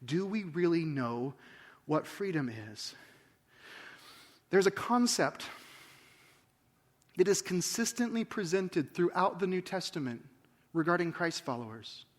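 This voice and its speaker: A man in his forties preaching to a church congregation in a conversational way, with rhetorical questions and big swings between quiet and loud. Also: high voice, expressive, a little slow, pauses often. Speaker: pastor. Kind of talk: sermon.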